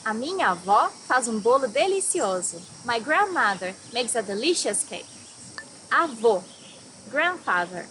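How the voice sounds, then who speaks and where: A young woman from Brazil teaching a vocabulary lesson, saying each word slowly before giving its meaning. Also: fairly high pitch, very animated, a bit bright, a little hiss or hum, rough recording. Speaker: language teacher.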